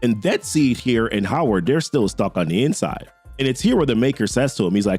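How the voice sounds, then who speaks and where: A man's voice: mid-range voice, a little fast, few pauses, husky, soft background music. A man casually recapping a comic book story in a slangy, conversational way. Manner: slangy, conversational, lively delivery.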